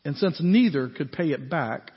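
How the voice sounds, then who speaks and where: A pastor delivering a conversational, animated sermon, often checking in with his listeners. His voice is high and a little husky. The recording is dull and lo-fi, with long reverb from a church sanctuary. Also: moderate pace. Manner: conversational, animated preaching with asides to the congregation. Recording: echoey hall, dull lo-fi sound.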